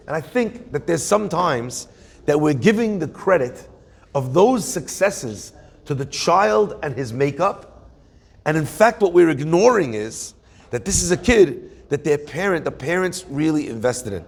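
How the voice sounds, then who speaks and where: A man, a rabbi giving a weekly Torah class, telling stories in an animated way and acting out quoted voices. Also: a little high, moderate pace, creaky.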